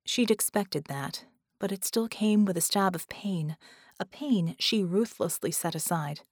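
A woman narrating an audiobook in a measured, steady reading voice. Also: medium pitch, husky, dry recording, studio quality. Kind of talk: scripted narration.

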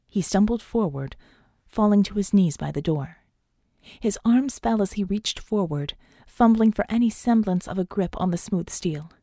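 A woman's voice: mid-range voice, expressive, moderate pace, mellow, dry recording, studio quality. A woman narrating an audiobook in a tense, dramatic reading. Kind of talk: scripted narration.

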